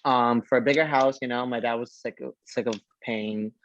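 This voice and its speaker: A drag performer from Brooklyn, chatting in a sassy, slangy way and laughing often. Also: male voice, mid-range voice, fairly even intonation, normal speed, a bit bright, muffled recording, slight background noise. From Brooklyn, New York. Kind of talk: casual podcast chat.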